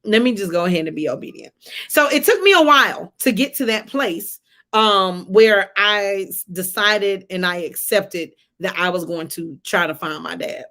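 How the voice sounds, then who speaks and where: A woman, telling a personal story on a live stream in a conversational, animated way and talking to viewers as y'all. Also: medium pitch, moderate pace. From Atlanta area, US. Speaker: livestream host. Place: home, during a rainstorm.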